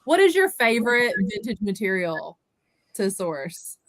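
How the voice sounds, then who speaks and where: A woman's voice: medium pitch, sing-song, a little slow, fairly bright tone, no room sound. A woman hosting a casual livestream chat, greeting viewers by name in a chatty way. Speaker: livestream host.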